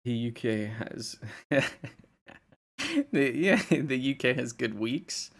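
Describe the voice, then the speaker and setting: A young man from the United States chats loosely with his live-stream audience, answering comments as they come in. His voice sits at a middle pitch with a gravelly, creaky edge. He rambles through plenty of fillers and restarts. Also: takes it slowly. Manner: rambling, filler-heavy, answers chat comments with frequent laughs. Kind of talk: casual live-stream chat.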